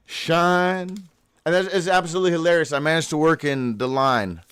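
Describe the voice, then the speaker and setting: A high-pitched man carries a daily live show alone, skipping from one odd phrase to the next with a lot of swearing. He stumbles over his own handwritten notes and now and then breaks into a loud whoop. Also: steady tone, normal speed, clear, resonant tone. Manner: profane, free-associating, with sudden whoops. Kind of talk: rambling live monologue.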